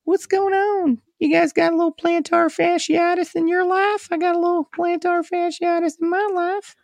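A man's voice: very high-pitched, level tone, normal speed, creaky, dry recording, studio quality, pitched above the performer's own voice. A man putting on a chirpy girlish talking foot. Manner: bubbly, vlogger-style greeting.

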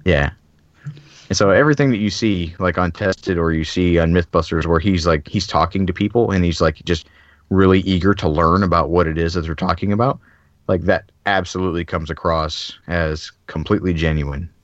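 Very deep-voiced man telling a story. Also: normal speed, dry recording, muffled recording. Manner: animated storyteller, many "like" fillers, acts out quotes. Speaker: podcast host. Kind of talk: casual chat.

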